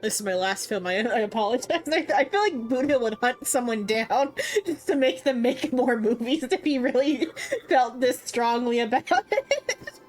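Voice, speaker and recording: A woman's voice: fairly high pitch, lively intonation, moderate pace. A woman live-streaming a game, chatting casually and laughing often. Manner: giggly, laughs often between remarks.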